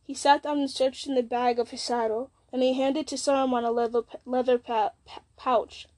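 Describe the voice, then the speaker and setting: A woman narrating an audiobook in a measured, steady way. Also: high-pitched. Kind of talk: audiobook reading.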